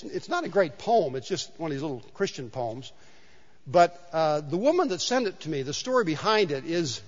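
A man preaching a sermon in a church sanctuary, telling stories in a conversational way and repeating key points for emphasis. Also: fairly high pitch. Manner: conversational storytelling with emphatic repetition. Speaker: pastor. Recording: dull sound with long hall reverb.

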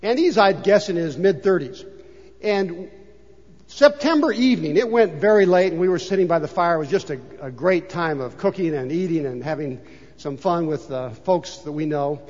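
Animated older pastor preaching. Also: male voice, a little high, moderate pace. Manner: animated, swings between loud emphasis and hushed asides. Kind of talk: sermon. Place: church sanctuary. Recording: dull reverberant church recording.

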